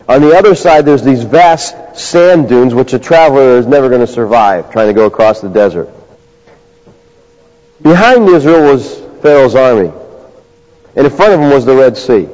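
A man preaching a sermon, conversational, moving between quiet asides and raised, emphatic bursts. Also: on the high side. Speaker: pastor. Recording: dull lo-fi sound.

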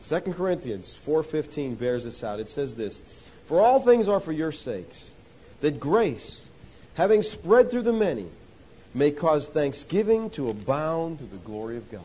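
Animated preaching man, dull lo-fi sound. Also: unhurried, husky. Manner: emphatic preaching, swinging between loud exhortation and hushed lows; addresses listeners as "folks". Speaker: pastor. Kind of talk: sermon. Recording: dull lo-fi sound with faint hiss.

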